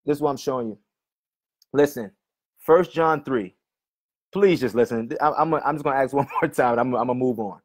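A male preacher arguing with a commenter online, often calling him brother and reading scripture slowly and repeatedly. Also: medium pitch. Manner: argumentative, keeps addressing "brother", reads verses slowly and repeats them.

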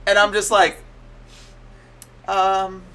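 A young man casually telling a story on a podcast, animated and full of "like" fillers, acting out what he heard. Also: fairly high pitch, a little fast. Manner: animated, many "like" fillers, acts out his own quotes. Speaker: podcast co-host.

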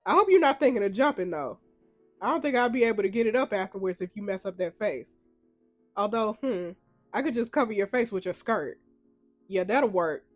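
A woman's voice: medium pitch, animated, fairly quick, no echo, faint music behind, pitched below the performer's own voice, natural voice. Woman reading as a sneering creepy stalker guy. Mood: menacing. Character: menacing young man, obsessive stalker.

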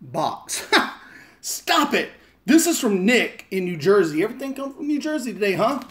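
With big pitch swings in his high voice, the vlogger talks fairly quickly as he goes through fan mail on a live stream. He's at home in Las Vegas, joking, rambling, and cursing casually.

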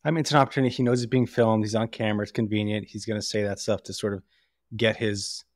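A man with a low speaking voice joins the podcast as a guest co-host. His voice is dry and close to the mic. He talks things through in a calm, measured way and often says "you know". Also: dry recording. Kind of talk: casual reality-TV recap chat.

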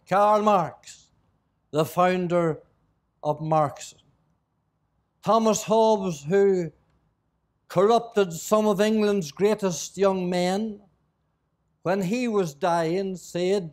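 A middle-aged male preacher from Northern Ireland, delivering an evangelical sermon and prayer in a solemn, measured way, with old-fashioned scripture phrasing. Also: sits high, a little mellow. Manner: reads scripture in old King James phrasing, slow and solemn.

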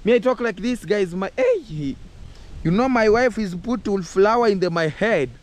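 A Kenyan man vlogging outdoors on his farm, talking excitedly in English mixed with Swahili. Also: sits high, unhurried. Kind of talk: casual farm vlog.

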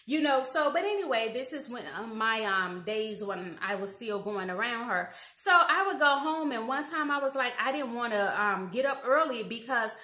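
A woman from Indiana telling personal stories in a casual monologue, animated, acting out quoted dialogue and saying "you know" and "like" often. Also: a little high, normal speed, hardly any pauses. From Indiana, USA. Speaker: YouTube commentator. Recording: roomy echo.

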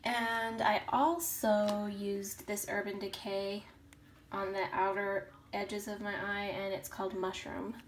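A woman vlogger chatting casually through her makeup, rambling a bit and often clearing her throat. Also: medium pitch, little pitch movement, slow pace, a little hiss or hum. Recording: roomy echo.

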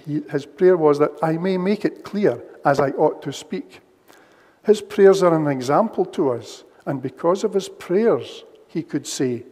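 Male preacher, slightly higher voice, measured and emphatic, church livestream with long reverb. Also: dark tone, slightly rough. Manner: measured, emphatic, repeats key phrases. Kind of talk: sermon.

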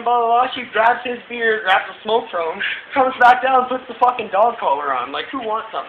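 A man's voice: very high voice, brisk, slight background noise. A young man telling a crude, rambling story, swearing constantly and laughing between lines. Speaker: ranting storyteller. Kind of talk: profane rambling rant. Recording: muffled lo-fi home video with crowd. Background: crowd chatter.

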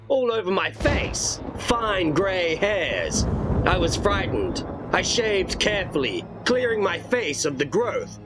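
A man's voice: sits high, fairly bright tone, low-quality recording. A man reading a horror storybook aloud in dramatic first-person narration.

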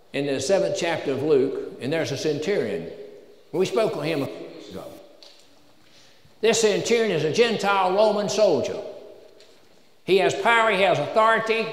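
A man's voice: high voice, fairly bright tone. A man with a Southern American accent preaching a sermon in a church, folksy and joking at times, building to emphatic peaks. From Southern United States. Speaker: pastor. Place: church sanctuary. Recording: echoey church hall with long reverb.

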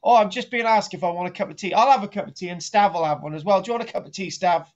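Brief: middle-aged male archaeologist on a live stream, high voice, jokey and rambling, muffled lo-fi sound. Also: very fast. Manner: jokey, rambling, restarts sentences, teases his co-host. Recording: dull lo-fi home stream audio.

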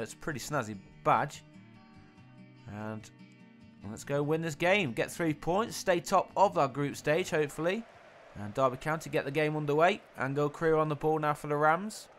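A young man commentating his own football video game in the style of a sportscaster, getting loud and excited at the goals. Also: medium pitch. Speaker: gaming YouTuber.

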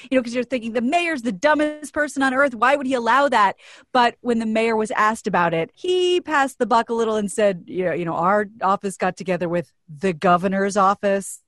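A woman's voice: mid-range voice, fairly bright tone, no room sound, studio quality. A woman reading the news on a comedy podcast, chatting and telling stories casually. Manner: chatty, storytelling.

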